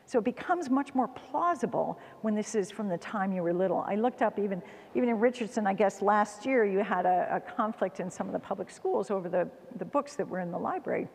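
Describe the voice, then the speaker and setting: A woman's voice: mid-range voice, fairly quick, vocal fry, slightly rough. A woman speaking at a church conference, earnest and conversational, often voicing the people she quotes. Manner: earnest, conversational, quotes others in lively voices. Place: church hall. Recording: long hall reverb.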